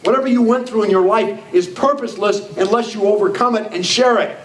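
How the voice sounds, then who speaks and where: A man in his sixties gives a blunt, emphatic motivational talk to a roomful of people. His voice sits a little high for a man and carries a strong echo, and it sounds like it was picked up from far away across the room. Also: fairly quick. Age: 60s. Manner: blunt, emphatic, repeating "I don't care" and "you know what?". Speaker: motivational speaker. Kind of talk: motivational speech to a live audience. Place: meeting room with an audience. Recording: echoey room, voice far from the mic.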